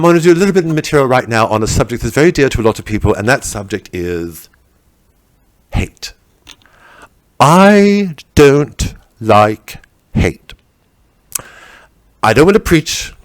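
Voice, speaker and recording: A man's voice: mid-range voice, no room sound, natural voice, rough recording. A man playing a vain, scatterbrained female celebrity comedian in stand-up character comedy, gushing and rambling about herself. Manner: gushing, rambling, self-absorbed. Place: comedy stage at a festival show.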